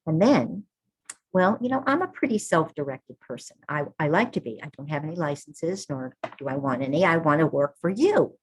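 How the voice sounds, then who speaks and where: A woman's voice: low-pitched, animated, normal speed, husky, poor audio. A middle-aged woman, a birth keeper, gives an earnest, informal talk to an audience and keeps checking in with "all right" and "okay".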